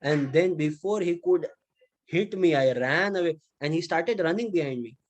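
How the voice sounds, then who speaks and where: Animated Indian English male lecturer. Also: fairly high pitch, normal speed. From Mumbai, India. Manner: chatty, animated anecdotes with acted-out quotes. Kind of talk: casual classroom storytelling.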